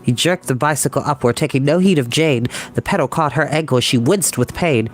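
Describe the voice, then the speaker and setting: A man reading a children's novel aloud as a storyteller, measured and expressive. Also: mid-range voice, faint music behind.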